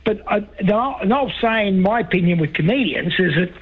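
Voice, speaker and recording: A man's voice: high voice, animated, moderate pace, a little hiss or hum. A man with an Australian accent calling in to a talkback radio show, rambling and emphatic, repeating himself, heard over a muffled phone line. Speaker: talkback caller. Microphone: telephone.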